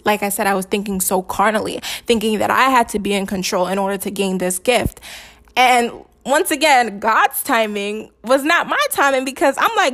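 A woman's voice: medium pitch, normal speed, a bit bright. A young woman earnestly telling a personal faith testimony, acting out her own past thoughts as she goes.

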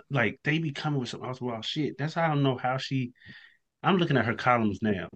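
A man's voice: medium pitch, brisk, a bit bright. Podcast guy reacting in disbelief, blunt, casual. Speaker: podcast co-host. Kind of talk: casual chat.

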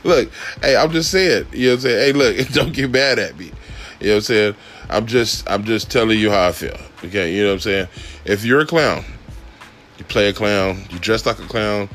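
A man telling a long story in a casual, laid-back way, full of swearing and laughter, his voice jumping up whenever he gets excited. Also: normal speed, soft background music. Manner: profane, laid-back, laughs often, pitch jumps when excited. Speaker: podcast host telling a driving story.

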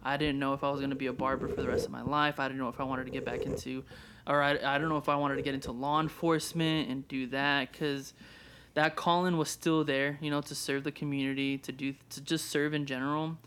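A man's voice: mid-range voice, flat delivery, fast, fairly bright tone, clean tone. A young man co-hosting a podcast, talking casually with lots of restarts and swearing. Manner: rambling, many restarts and swearing. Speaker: podcast co-host. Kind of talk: casual chat.

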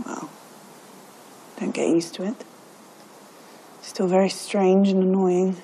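A composed young noblewoman ruler, played by an actress in a TV drama. She speaks in a measured, reserved way with a dark, mellow tone. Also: medium pitch, little pitch movement, a little hiss or hum, lightly acted, rough recording. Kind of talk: TV drama dialogue.

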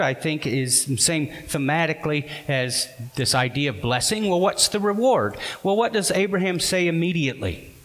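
A man's voice: on the high side, fairly bright tone, long reverb tail, poor audio. A man preaching a sermon as a pastor, earnest and putting questions to the congregation.

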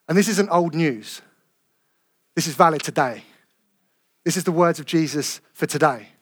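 A man delivers a sermon in an earnest, emphatic way, slowing down to stress key phrases. His voice sits on the high side and sounds a bit bright.

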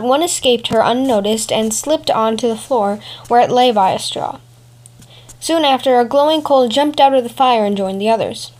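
A young woman hosting a podcast, reading fairy tales aloud and adding wry, chatty asides. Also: on the high side. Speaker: podcast host and reader.

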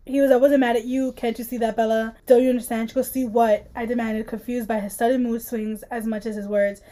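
A woman's voice: on the high side, flat delivery, fast, mellow. A woman co-hosting a casual podcast, reading book passages aloud and joking, laughing often. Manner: reads dramatically, laughs often, playful. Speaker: podcast co-host.

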